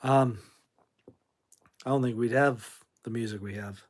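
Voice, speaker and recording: A man's voice: medium pitch, steady tone, a little slow. A man hosting a late-night livestream about classic rock, sleepy and yawning, rambling bluntly with some swearing. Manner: drowsy, rambling, blunt and profane. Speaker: livestream host.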